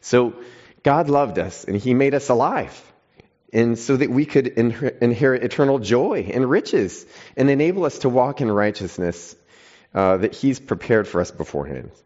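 A man preaching a sermon, reading scripture with strong emphasis and dropping to quiet stresses, with casual asides to his listeners. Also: mid-range voice, expressive, moderate pace. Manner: conversational asides to the congregation. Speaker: pastor. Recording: dull lo-fi sound.

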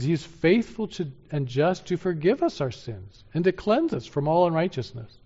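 A man preaching a sermon, moving from loud urgent exhortation to hushed, earnest pleading. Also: on the high side, big pitch swings, normal speed, hardly any pauses, husky. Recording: dull sound with long hall reverb.

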